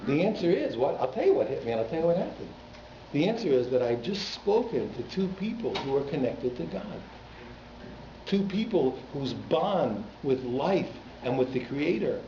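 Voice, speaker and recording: A man's voice: on the high side, very animated, moderate pace, mellow, slight background noise. A man, a rabbi, giving an informal Torah class to a congregation, talking in a conversational way with teasing asides to the audience. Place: synagogue hall. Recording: echoey hall, slightly muffled.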